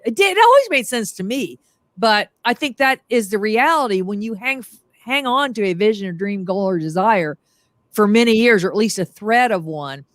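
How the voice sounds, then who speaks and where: A middle-aged woman who works as a motivational humorist joins a casual interview as a guest over a video call. She tells stories animatedly and acts out quotes in different voices, speaking at medium pitch and moderate pace with no room sound.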